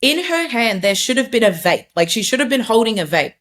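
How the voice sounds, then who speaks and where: A woman's voice: a little high, sing-song, fairly quick, a bit bright. A young adult woman, a podcast guest, giving an earnest, emphatic personal testimony in casual conversation, with many fillers and restarts.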